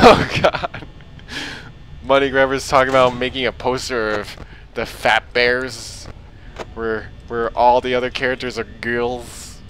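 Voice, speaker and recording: A man's voice: medium pitch, slow, long pauses, fairly bright tone, a little hiss or hum, rough recording. A man hosting a gaming video, joking and rambling crudely as he plays. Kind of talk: let's play commentary.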